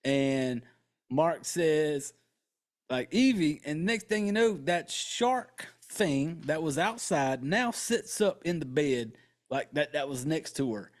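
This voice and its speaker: Profane man recapping a film, higher voice. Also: takes it slowly. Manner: profane, animated retelling with joking asides. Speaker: podcast host. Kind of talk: casual movie recap.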